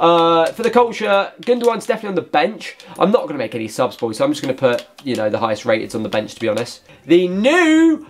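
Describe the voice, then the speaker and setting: A man commentating his own football gameplay for a video. His voice sits high and swings widely in pitch, and he gets excitable, shouting at the match as it unfolds. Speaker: gaming YouTuber.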